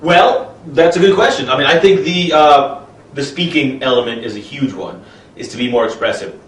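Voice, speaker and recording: Expressive man teaching improv, roomy. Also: mid-range voice, normal speed, distant mic. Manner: animated, speaks in expressive gibberish while performing. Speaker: improv trainer. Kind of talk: explaining an improv exercise.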